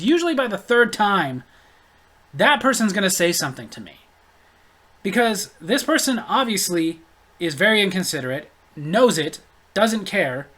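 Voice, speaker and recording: A man's voice: high voice, fairly bright tone. Exasperated man ranting through a story. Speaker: storyteller vlogger. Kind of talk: casual storytelling rant.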